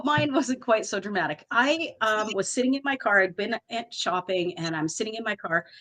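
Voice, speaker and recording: A woman co-hosting a podcast, telling a story with frequent laughter and swearing. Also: medium pitch. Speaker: podcast co-host. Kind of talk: casual chat.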